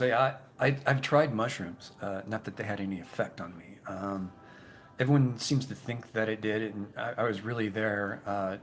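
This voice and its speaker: A man hosting a casual live stream, reading viewer comments and chatting in a rambling, halting way, repeating his words. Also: on the low side. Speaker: YouTube channel host.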